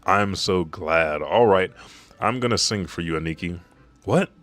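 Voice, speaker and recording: A man's voice: low voice, measured pace, a bit bright. A man reading Brook, upbeat young musician. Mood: cheerful.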